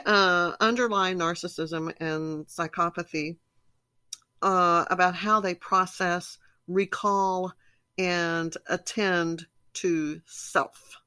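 A woman's voice: fairly low pitch, pushed and bright, no room sound. A middle-aged woman speaking casually and telling stories with animation, acting out her own reactions as she explains personality disorders.

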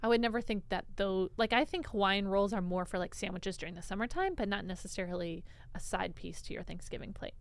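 A woman co-hosting a snack podcast, chatting eagerly with quick, giggly reactions. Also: mid-range voice. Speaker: podcast co-host. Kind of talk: casual chat.

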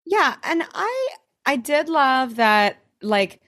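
A woman's voice: high voice, big pitch swings, slow, a bit bright. A young woman co-hosting a podcast, rambling and swearing through a casual episode recap with plenty of laughs. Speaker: podcast co-host.

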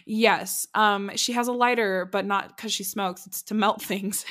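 A woman's voice: mid-range voice, steady tone, a little slow, a bit bright. A woman co-hosting a podcast, recapping a TV show in casual, giggly chat full of fillers. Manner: chatty and giggly, many "like"s. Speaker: podcast co-host.

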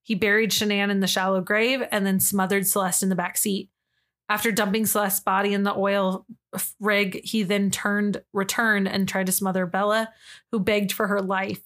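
Woman co-host for a true-crime podcast, mid-pitched, reads case notes and then gives her frank view. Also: level tone, moderate pace, a bit bright. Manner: reads case details then gives blunt, disgusted opinions.

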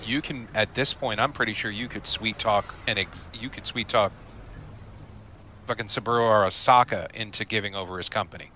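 A man's voice: lowish voice, moderate pace, bright, forceful tone, a little hiss or hum. A man running a tabletop game, laying out plans in a directive way with frequent restarts. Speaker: game master. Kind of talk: tabletop role-play chat.

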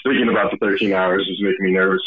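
A male audiobook narrator is a guest on a podcast, chatting in a candid, self-deprecating way. His voice is husky and a bit breathy. He comes through a thin, phone-like remote line. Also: low voice, level tone, racing. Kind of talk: casual podcast conversation.

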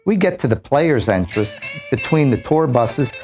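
A man, a police officer, telling an animated story and acting out the voices of the people in it. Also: medium pitch, normal speed, faint music behind.

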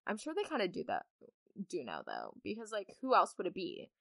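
Bubbly, lively young woman podcast host. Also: medium pitch, a little fast, gravelly, no room sound, studio quality. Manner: bubbly, chatty, rambling with many asides. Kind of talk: casual storytime chat.

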